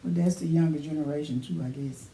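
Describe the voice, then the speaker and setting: A woman on a casual podcast, giving calm, measured advice. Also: deep voice, vocal fry, roomy sound. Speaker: podcast co-host. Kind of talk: casual faith podcast chat.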